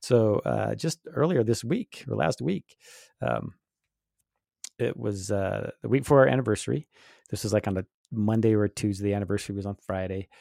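A man in his fifties, co-hosting a podcast, telling a story in lively casual chat and laughing often. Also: on the low side, normal speed, gravelly, no room sound, clean studio sound. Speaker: podcast co-host.

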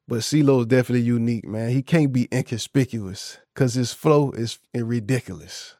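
A man's voice: mid-range voice, fairly quick, warm tone, dry recording, studio quality. A man in his thirties from Florida with a Southern accent, hosting a casual solo podcast in slangy, laid-back banter. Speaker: podcast host.

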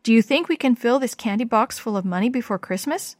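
Gentle kind schoolteacher lady, read by a woman, dry close mic. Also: a little high, animated, fairly quick, dry recording. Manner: kind, warm encouraging.

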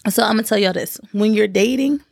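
A woman in her thirties telling a casual, slangy story, her pitch jumping up high whenever she quotes someone. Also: fast talker, vocal fry, breathy edge, no echo, clean studio sound. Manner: lively slangy storytelling with big pitch jumps when quoting. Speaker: vlogger.

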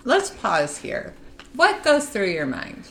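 A young woman co-hosting a casual chat, chiming in with teasing, dry remarks. Her bright voice bounces lively up and down. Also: mid-range voice, slow pace. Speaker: podcast co-host.

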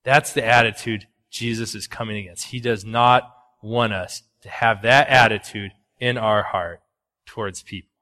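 A man preaching a sermon as pastor, conversational and animated, swinging between loud punchy asides and quiet earnest drops. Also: on the low side, normal speed, in a large hall. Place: church sanctuary.

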